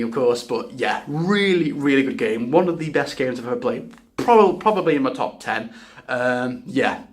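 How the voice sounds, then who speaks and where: In a casual spoken review of a video game, a man with a voice on the high side rambles enthusiastically, often restarting his sentences and swearing.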